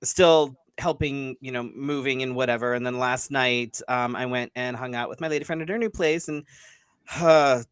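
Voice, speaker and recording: A man's voice: mid-range voice, fairly even intonation, normal speed, clean tone, no echo. A man co-hosting a casual live-stream chat show, telling stories in a laid-back way with frequent fillers and mild swearing. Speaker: co-host.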